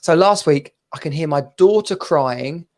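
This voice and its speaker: A man in his thirties co-hosting a casual chat show, telling stories in an animated way and laughing often. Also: on the high side, unhurried. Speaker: podcast co-host.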